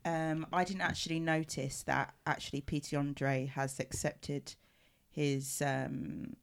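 A woman's voice: deep voice, level tone, slow, creaky, smooth. A woman co-hosting a chatty podcast, laughing and reading tweets aloud in mocking voices. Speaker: podcast co-host. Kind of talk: casual chat.

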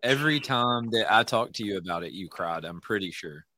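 A man's voice: lowish voice, expressive, fairly quick, crowd noise. A man hosting a casual interview podcast, talking loosely with lots of fillers and restarts. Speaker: podcast host.

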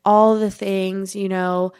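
Young adult woman, mid-pitched voice, solo podcast host; congested and a little breathless, loose chatty delivery full of fillers. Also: flat delivery, slow, a little mellow, clean tone. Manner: rambling, many "like" and "you know" fillers. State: stuffy nose; slightly out of breath. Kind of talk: casual podcast monologue.

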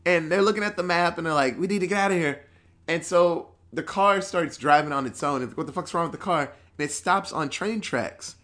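Dude with a slightly high voice rambling thru a horror movie plot, lots of likes and swearing. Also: male voice, a little fast, few pauses, bright, forceful tone. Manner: rambling, profane, filler-heavy storytelling. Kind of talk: casual chat recapping horror movies.

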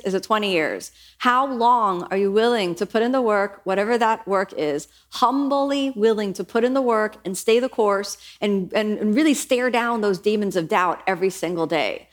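A middle-aged woman yoga teacher who speaks earnestly and reflectively, lifting into lively voices when she quotes herself. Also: mid-range voice, normal speed, few pauses. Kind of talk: reflective podcast monologue.

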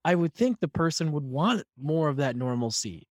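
A man's voice: on the high side, very animated, normal speed, darkish tone, no room sound, clean studio sound. A man hosting a podcast, talking in a casual, reflective and affirming way. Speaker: podcast host. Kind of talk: casual conversation.

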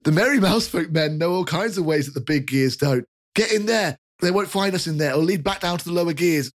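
A man's voice: on the high side, expressive, brisk, pitched above the performer's own voice, close to an everyday voice. A man voicing a cheerful, rotund human with rosy cheeks who talks in an eager, apologetic rush.

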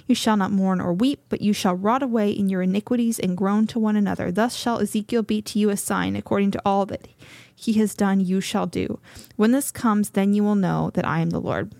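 A woman reading scripture aloud as co-host of a Bible study, a little out of breath, in a measured, steady reading voice. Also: medium pitch, creaky, no echo.

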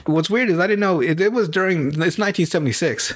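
A young man hosts a casual movie podcast, talking in a loose, rambling way. He swears freely and his voice sits a little on the high side. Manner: rambling, swears often, acts out characters with quick put-on voices. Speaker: podcast host. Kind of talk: casual movie recap chat.

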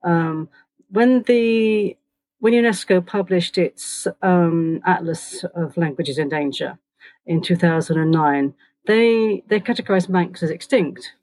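A woman's voice: fairly low pitch, takes it slowly, a little mellow. A woman researcher talking casually as an interview guest, with many hesitations.

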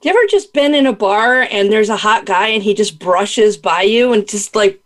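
A woman hosting a podcast in a casual back-and-forth, her voice at an ordinary middle pitch. She is chatty and playful, and she laughs easily while tossing in quick asides. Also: expressive. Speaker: podcast host.

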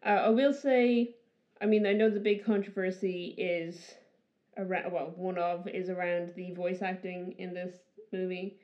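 A woman's voice: on the low side, fairly even intonation, a little slow, a little mellow, lo-fi sound. A woman co-hosting a podcast, talking casually with many fillers and frequent laughter. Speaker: podcast co-host. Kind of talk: casual chat.

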